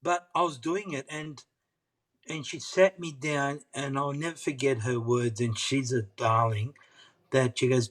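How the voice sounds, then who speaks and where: A man's voice: medium pitch, steady tone, measured pace, a bit bright. A middle-aged man, an interview guest, telling a personal story earnestly and often repeating himself. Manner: earnest, persistent, repeats phrases.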